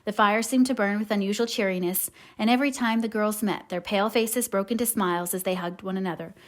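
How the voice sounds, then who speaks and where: An audiobook narrator reads a classic novel aloud in a gentle, measured way. She speaks at a typical middle pitch for a woman.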